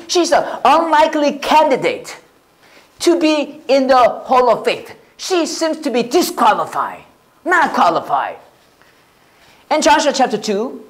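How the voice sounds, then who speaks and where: A pastor with a Korean accent preaching a sermon, animated and often checking with the audience. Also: male voice, extremely high pitch. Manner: animated, repeats and restarts, asks the audience "right?".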